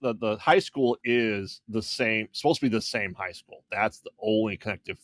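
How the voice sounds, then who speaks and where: A man's voice: lowish voice, moderate pace. A man co-hosting a podcast, chatting casually about movies, laughing often and chiming in with short agreeing replies. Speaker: podcast co-host. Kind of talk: casual film review chat.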